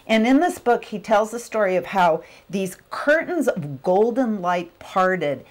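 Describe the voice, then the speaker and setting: Middle-aged woman speaker, mid-pitched, animated storytelling, acts out the voices in her stories. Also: unhurried. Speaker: motivational speaker. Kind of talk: personal storytelling talk.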